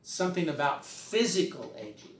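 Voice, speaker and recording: Sounding very animated at a normal speed, an older man with a somewhat high voice rambles through a casual story, taking on other people's voices now and then. He is far from the mic, and the room sound is noticeable.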